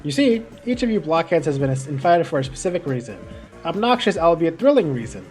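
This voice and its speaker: A woman's voice: deep voice, big pitch swings, a little fast, darkish tone. A woman voicing a haughty, insulting cube-shaped mascot villain from a game, with mocking, vulgar taunts over faint music. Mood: scheming.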